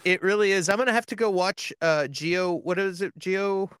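A man chatting about movies, excitable and jokey, stumbling over restarts. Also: high-pitched, moderate pace, clear, resonant tone, dry recording, studio quality. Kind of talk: casual chat about movies.

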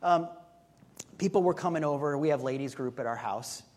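A male pastor giving a conversational sermon, telling a story with relaxed humor and asides. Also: mid-range voice, moderate pace.

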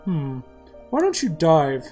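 A woman's voice: deep voice, big pitch swings, takes it slowly, mellow, faint music behind, exaggerated voice. A woman doing a friendly bear cook. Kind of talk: video game voice-over reading.

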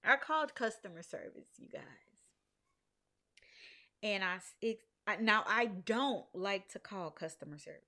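A woman, casually telling viewers a faith story about her business and jumping high in pitch when she quotes herself. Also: expressive, measured pace, pushed and bright. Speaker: small business owner sharing a testimony.

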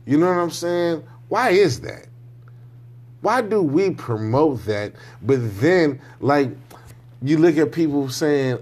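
A man talking in a loose, rambling monologue, frank and profane, often checking in with his listener. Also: a little high. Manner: loose, rambling, often asks "you know what I'm saying"; frank and profane, with slangy speech. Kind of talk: casual monologue.

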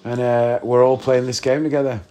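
This host speaks a little fast in a level, mellow, medium-pitched voice. He plays a video game at home as he records his podcast, chatting loosely, joking and getting sidetracked.

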